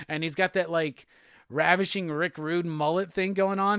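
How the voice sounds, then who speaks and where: A male podcast host recapping a comic book in a casual, excitable way, swearing freely. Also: fairly high pitch, moderate pace, clean tone, no room sound, studio quality. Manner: profane, excitable storytelling.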